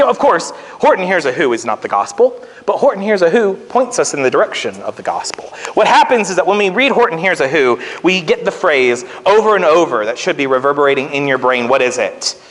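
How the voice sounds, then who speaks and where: A man, a pastor, reading a children's story aloud and then preaching, in an animated, folksy storytelling manner in a church sanctuary. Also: sits high. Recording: church hall reverb.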